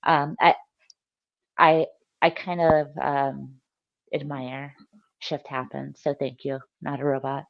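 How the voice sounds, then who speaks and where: A woman's voice: deep voice, flat delivery, takes it slowly, creaky, long pauses, no room sound. Teasing woman hosting a lo-fi voice chat. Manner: teasing, swearing, laughs often. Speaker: livestream host. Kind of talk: casual voice-chat banter. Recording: dull lo-fi voice chat.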